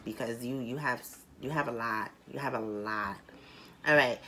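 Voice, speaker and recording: Deep-voiced woman giving a tarot reading. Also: a bit bright, a little hiss or hum. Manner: earnest and blunt, swears casually, repeats phrases for emphasis; reads card text aloud slowly. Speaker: tarot reader. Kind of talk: recorded private tarot reading.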